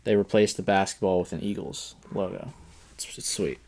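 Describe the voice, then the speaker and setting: A young man chats easily as a podcast guest. His voice sits low with plenty of gravelly fry, and he talks slowly and unhurriedly. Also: flat delivery, a little mellow. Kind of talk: casual podcast chat.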